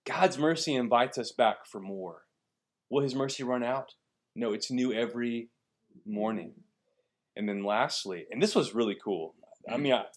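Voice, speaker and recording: A man in his thirties, a pastor teaching a Bible lesson and asking the listeners questions as he goes. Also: mid-range voice. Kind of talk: sermon.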